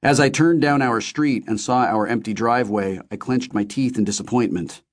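A man reading a first-person novel aloud in a steady, measured storytelling manner. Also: medium pitch. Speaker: audiobook narrator.

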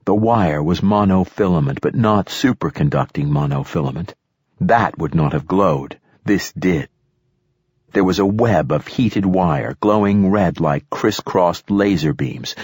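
Deep husky male audiobook narrator. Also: no echo, clean studio sound. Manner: steady, measured reading with shouted dialogue bursts. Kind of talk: first-person audiobook narration.

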